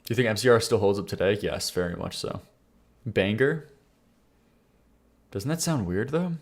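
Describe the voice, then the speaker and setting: A man's voice: on the low side, sing-song, fast talker. Blunt young man reacting on stream. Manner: blunt, joking, reads chat aloud and argues with it. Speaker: streamer reviewing viewer song submissions. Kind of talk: casual live-stream reaction chat.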